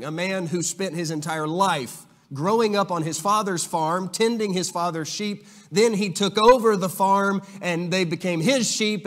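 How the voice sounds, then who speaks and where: A man preaching a sermon in a church, earnest and restarting phrases with repeated words. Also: high voice. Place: church auditorium. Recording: long reverb of a church hall.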